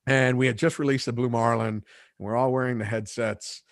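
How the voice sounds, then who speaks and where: A man hosting a relaxed talk show, telling fishing stories in an easy, conversational way. He gets animated when he acts out the moments he recounts. The recording is close and dry, with no room echo. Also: medium pitch, fairly quick. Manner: animated storyteller, acts out shouts and quotes. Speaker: podcast host and fishing captain. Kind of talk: casual chat, storytelling.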